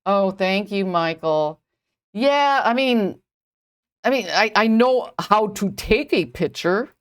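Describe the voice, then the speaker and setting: Knotting a bracelet on a live stream, this middle-aged woman, a jewelry designer, rambles through casual chat with her viewers, leaning heavily on "like." Her voice is mid-range, expressive, and slow, with a clean tone.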